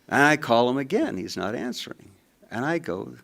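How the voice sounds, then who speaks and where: An older man telling a personal story, animated and acting out his own rising anger. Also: mid-range voice, normal speed, creaky. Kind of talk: storytelling talk.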